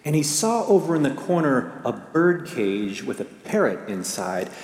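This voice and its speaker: A man's voice: medium pitch, big pitch swings, creaky, a little mellow. Man preaching in an echoey church. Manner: measured, storytelling delivery with a joke. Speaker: pastor. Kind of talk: sermon with scripture reading. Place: church sanctuary.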